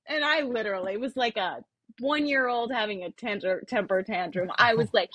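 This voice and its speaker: A woman's voice: a little high, moderate pace, a bit bright, a little hiss or hum. A middle-aged woman, a podcast guest, telling a personal story animatedly, laughing often and swearing freely. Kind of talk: casual storytelling.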